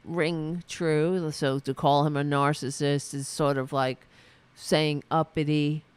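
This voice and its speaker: On his own political commentary show, this man delivers an angry rant full of sarcasm and swearing. His smooth voice sits fairly high with little pitch movement, and his delivery is halting, packed with restarts and fillers.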